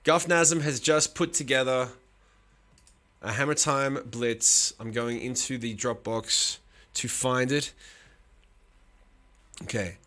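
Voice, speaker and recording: A man's voice: medium pitch, steady tone, takes it slowly, pauses often, pushed and bright. A man hosting a live stream, chatting casually with his viewers, swearing often and teasing them with bursts of laughter.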